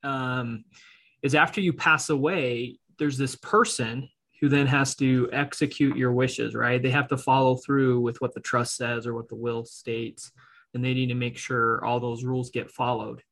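A man's voice: mid-range voice, steady tone, unhurried, a bit bright. Man explaining estate planning casually. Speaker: estate planning attorney co-host. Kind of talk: casual podcast conversation.

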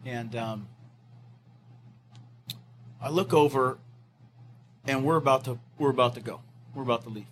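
Middle aged firefighter guy, lots of um and uh, tells it slow then acts out the voices. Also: medium pitch, slight background noise. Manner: halting storytelling with many fillers and restarts; acts out quoted voices of others. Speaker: fire captain. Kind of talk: recounting a wildfire evacuation.

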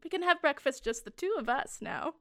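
A woman's voice: high voice, expressive, brisk, voice pushed up. A woman playing a tender vampire noblewoman. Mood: warm. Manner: tender, wistful.

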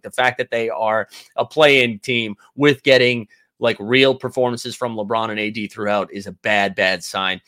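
A man's voice: mid-range voice, fairly bright tone. A man hosting a casual basketball livestream, rambling through his thoughts and reading viewer comments aloud. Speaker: sports livestream host. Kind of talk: casual chat.

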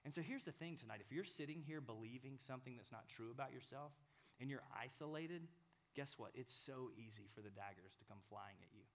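A man in his thirties preaching a sermon in a lively, animated way. He acts out small inner dialogues with changing voices and at times sinks to a near whisper. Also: mid-range voice, fairly quick, creaky. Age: 30s.

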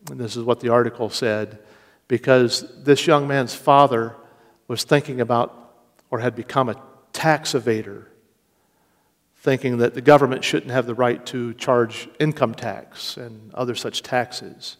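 A man preaching a sermon with slow, deliberate delivery and rising emphasis. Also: medium pitch, fairly even intonation. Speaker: pastor. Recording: long reverb of a large hall.

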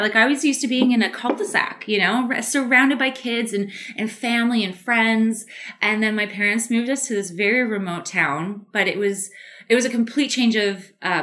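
A woman's voice: mid-range voice, fairly bright tone. A woman from Canada, a guest artist telling stories in an interview. She is chatty, laughs often and uses many fillers. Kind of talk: casual interview storytelling.

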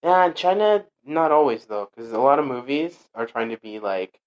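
A man's voice: mid-range voice, moderate pace, rough recording. A young man chatting casually, rambling with lots of fillers and restarts. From Portuguese heritage. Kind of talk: casual chat.

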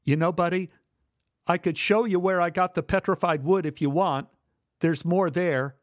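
A man's voice: high-pitched, steady tone, normal speed, no room sound, studio quality, voice pushed up, close to an everyday voice. An indignant young boy played by a man. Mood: placating. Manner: raised, pleading, insistent. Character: indignant young boy demanding his rocks back.

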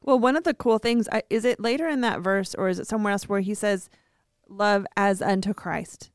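Smooth-voiced woman acting out quotes. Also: mid-range voice, fairly quick, no room sound, studio quality. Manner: animated, acts out quoted voices. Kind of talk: casual faith-based chat.

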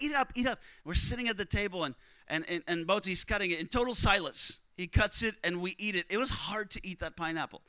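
A young man preaching, telling a missionary story with strong emotion, often dropping to a hush for other people's words. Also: sits high, clear, resonant tone, no room sound. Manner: emotional, quotes others in hushed voices. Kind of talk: sermon storytelling.

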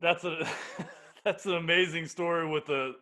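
A man hosting a podcast, reacting warmly and reminiscing in casual chat. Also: a little high, steady tone, unhurried. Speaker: podcast host.

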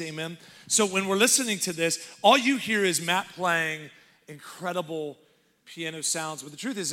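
Guest preacher, man, Texan accent, high bright voice, playful storyteller. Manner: lively, acts out voices in stories, laughs often. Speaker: guest pastor. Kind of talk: sermon with comic storytelling.

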